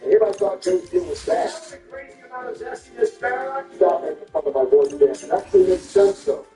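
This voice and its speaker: A man's voice: sits high, wildly swooping pitch, fairly quick, mellow, roomy sound, recorded from a distance, soft background music, full character voice, low-quality recording. A man voicing squabbling grown men who trade indignant insults over a board game. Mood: bickering.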